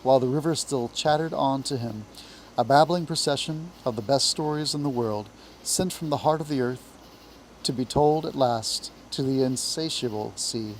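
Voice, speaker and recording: A man's voice: mid-range voice, a little hiss or hum, rough recording. Appalachian man reading a storybook aloud. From Appalachia, US South. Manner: measured, expressive storytelling. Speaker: reader, teacher. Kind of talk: reading a children's book aloud.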